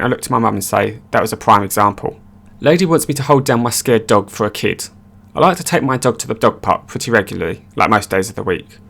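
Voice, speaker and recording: Fast-reading male story narrator. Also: fairly low pitch, creaky, a bit bright. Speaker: narrator of online stories. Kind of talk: scripted narration.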